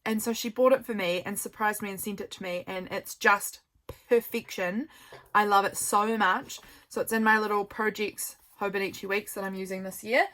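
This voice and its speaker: A woman's voice: medium pitch, fairly even intonation, normal speed. A young woman with a New Zealand accent, chatting casually and rambling as she flips through her journal, tired and yawning. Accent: New Zealand English. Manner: chatty, rambling, warm asides to viewers. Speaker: journaling vlogger. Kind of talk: casual flip-through chat. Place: home.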